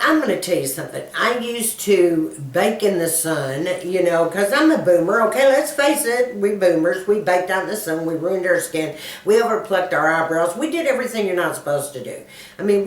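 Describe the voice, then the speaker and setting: A woman's voice: low voice, reverberant, far from the mic, rough recording. A woman in her sixties from Dallas with a thick Texan accent, chatting folksily to her viewers as she answers questions for her video channel. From Dallas, Texas. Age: 60s. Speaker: motivational speaker and YouTuber.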